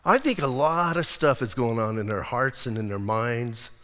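A male pastor preaching a lively, conversational sermon and acting out quotes as he goes. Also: medium pitch, moderate pace, in a large hall.

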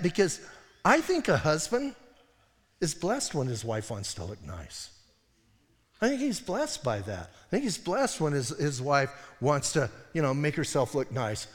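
Pastor guy preaching, kinda high voice, chatty with little side jokes, big echoey church hall. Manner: conversational, self-interrupting preaching with wry asides. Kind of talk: expository sermon.

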